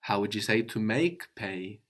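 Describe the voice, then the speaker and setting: A man's voice: on the low side, lively intonation, measured pace, a bit bright. A man teaching a language lesson, patiently explaining step by step and asking his student questions.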